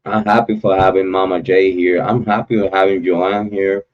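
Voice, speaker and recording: This true crime livestream host speaks at normal speed in a low-pitched, level tone. He rambles loosely and repetitively in slang, with heartfelt shout-outs to viewers, over lo-fi sound.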